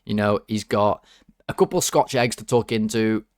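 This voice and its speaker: A man's voice: lowish voice, moderate pace, no echo, clean studio sound. Jokey man rating football players. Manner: excitable, jokey and rambling. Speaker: football fan channel host. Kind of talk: casual player-ratings commentary.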